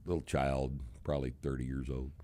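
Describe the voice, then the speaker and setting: A man's voice: a bass voice, little pitch movement, brisk, mellow. A man with a slight Texas accent, hosting a casual chat in a blunt, mocking way and laughing often. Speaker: podcast host.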